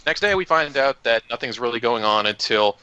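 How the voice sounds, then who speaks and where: A man's voice: medium pitch, animated, brisk, pushed and bright, smooth, dry recording. A man casually recapping a tabletop game session for his group, joking loosely and swearing now and then. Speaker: player recapping the last session. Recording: dull lo-fi audio.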